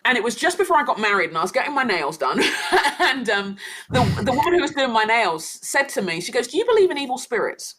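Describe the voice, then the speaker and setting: Woman guest, storyteller; higher voice, bright and animated, laughs a lot. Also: fast talker. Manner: animated, laughing often, acts out the people she quotes. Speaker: guest, church leader. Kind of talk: storytelling in a podcast interview.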